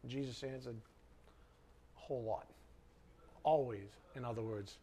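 A man's voice: mid-range voice, unhurried, creaky, mellow, breathy edge. A male pastor preaching a sermon to his congregation in a church hall, firing questions at them and rising sharply when worked up.

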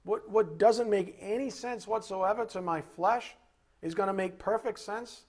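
A man giving a sermon as a Bible teacher, animated, asking rhetorical questions and acting out little scenes. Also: high voice, a little slow.

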